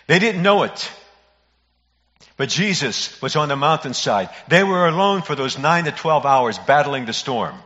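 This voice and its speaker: A man's voice: a little high, lively intonation, a bit bright. Man preaching a sermon in an echoing hall. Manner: earnest, emphatic preaching with dramatic pauses. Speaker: pastor. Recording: muffled audio in a reverberant hall.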